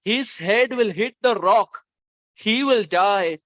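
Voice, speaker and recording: A man's voice: high voice, takes it slowly, a bit bright, dry recording. A man voicing three gleeful male ghosts in a sermon story, in his own plain storytelling voice. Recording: dull, dry lo-fi sound.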